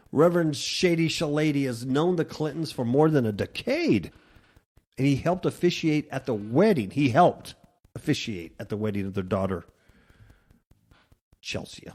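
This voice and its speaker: A man hosting a talk radio show, reading news stories aloud and mocking them with sarcastic asides. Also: fairly high pitch.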